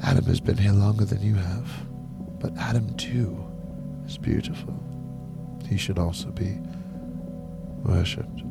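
A man voicing a seductive male devil who flatters and coaxes in hushed tones, in whispered role-play. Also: lowish voice, unhurried, gravelly, long pauses, over loud music.

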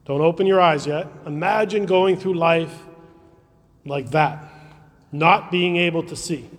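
A man preaching a gentle children's sermon in a church, asking the children questions as he retells a gospel story. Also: high-pitched. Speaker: priest. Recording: long church reverb.

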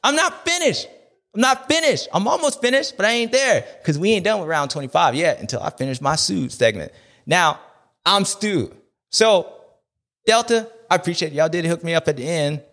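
Animated rambling man with a higher voice. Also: normal speed. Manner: animated, rambling, slangy, jokey. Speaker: show host. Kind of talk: comedic race recap rant.

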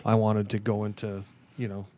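A man's voice: on the low side, monotone, moderate pace, mellow, slight background noise. A man hosting a podcast who works as a construction contractor, talking in an enthusiastic, rambling way. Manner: enthusiastic, rambling, with many restarts. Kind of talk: casual podcast chat.

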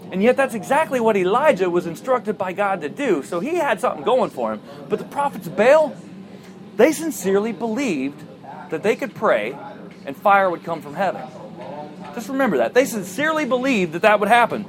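A man preaching a sermon, retelling a Bible story in a lively way and acting out the characters' voices. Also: high-pitched, fairly quick. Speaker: pastor.

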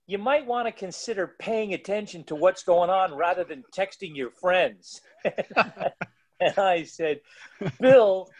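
A man's voice: on the high side, a little mellow. A man who plays the music at powerlifting meets, telling rambling, digressive stories in a casual podcast chat with many restarts.

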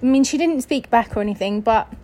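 A woman from England tells a personal story on her podcast in a chatty, casual way. Her voice sits a little on the high side. She acts out the voices of the people in her story as she goes. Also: quick pace, mellow, a little hiss or hum, low-quality recording. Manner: chatty, acts out quoted voices, laughs often. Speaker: podcast host.

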